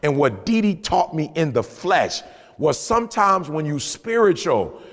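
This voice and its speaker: A man with a high, gravelly voice talks in a motivational, casual podcast style. He tells stories with animated emphasis, repeating phrases and pushing his pitch up on key points. The sound carries a long reverb from the room. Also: a little slow. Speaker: podcast co-host.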